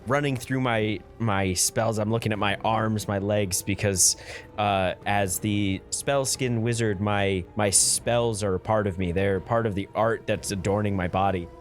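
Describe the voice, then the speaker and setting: A man's voice: on the low side, steady tone, measured pace, soft background music. A man playing a tabletop game, describing his character's actions in an easygoing, hesitant way. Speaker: player.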